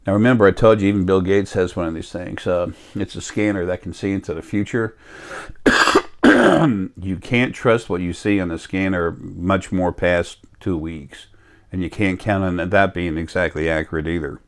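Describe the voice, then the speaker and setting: A man talking in a slow, rambling monologue to his viewers, sick and coughing now and then. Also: low voice, steady tone. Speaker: vlogger. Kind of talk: casual monologue.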